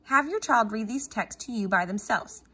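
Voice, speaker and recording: A woman teacher at home in her living room, explaining a reading activity to parents and reading short texts aloud very slowly and clearly. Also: a little high, animated, sharp tone. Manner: reads story text very slowly and clearly, sounding out words.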